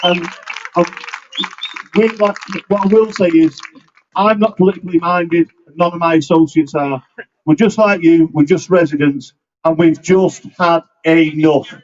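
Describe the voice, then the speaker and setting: Man, local councillor, earnest halting rally speech, higher pitch, dull outdoor recording. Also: fairly even intonation, darkish tone, a little hiss or hum. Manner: earnest, plain-spoken, a little halting. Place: outdoor street demonstration.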